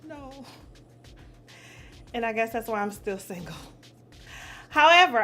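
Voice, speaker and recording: Laughing readily, a New Orleans woman in her forties gives blunt, swear-filled answers in a casual conversation. Her voice sits on the high side with a fairly bright tone.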